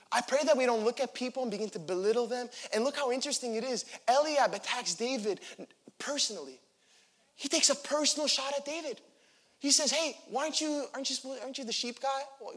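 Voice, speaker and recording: High-voiced animated male preacher. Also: slightly rough. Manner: animated, acts out the figures in quotes. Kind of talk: sermon.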